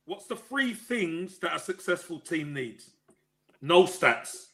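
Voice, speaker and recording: A man co-host pushes his questions emphatically and josh with the guest. His voice is bright and swings widely in pitch. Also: expressive, measured pace, breathy edge. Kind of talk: casual chat.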